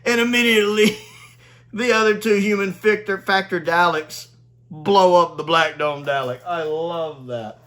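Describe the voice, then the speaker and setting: A man's voice: sits high, measured pace, fairly bright tone. A man giving a casual spoken video review, gleeful and chatty, laughing often and filling his talk with "like".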